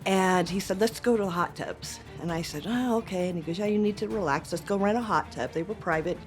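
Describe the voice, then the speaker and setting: A woman giving interview testimony, retelling events in a halting, animated way and acting out the dialogue. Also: medium pitch, soft background music. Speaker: interviewee, former girlfriend.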